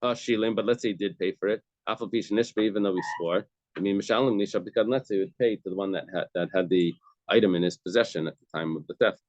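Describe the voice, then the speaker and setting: Man teaching Talmud, low dry voice. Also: fast talker, no room sound. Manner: explains point by point, repeats key phrases. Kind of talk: daf yomi class explanation. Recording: dull, dry lo-fi recording.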